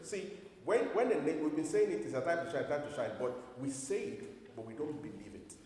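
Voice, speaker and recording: Male pastor, sermon, emphatic, rhetorical questions, slightly high voice, long hall reverb. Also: very animated, brisk, crowd noise. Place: church hall. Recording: echoey hall from far off.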